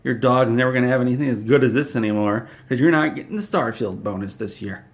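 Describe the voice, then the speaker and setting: Smug male studio boss, domineering and mocking as a man puts him on, mid-pitched, dull lo-fi sound. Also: fast talker, lightly acted. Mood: gloating. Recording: dull lo-fi recording.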